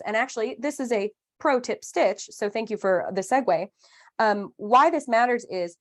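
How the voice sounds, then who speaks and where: A woman in her thirties leads a live online craft lesson, chatty and upbeat. She explains each step with playful asides and a friendly, conversational pace. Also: fairly high pitch. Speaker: craft class instructor.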